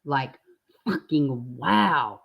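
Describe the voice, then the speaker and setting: A woman's voice: extremely low pitch, animated, extremely slow, vocal fry, husky. A woman hosting a reaction commentary channel, blunt and indignant, swearing freely as she reacts to clips.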